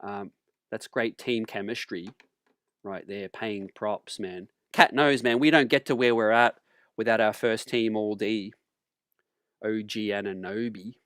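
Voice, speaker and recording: A man hosting a sports talk channel, relaxed and casual, calling viewers fam and ladies and gentlemen and clearing his throat often. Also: lowish voice, unhurried, no room sound, clean studio sound.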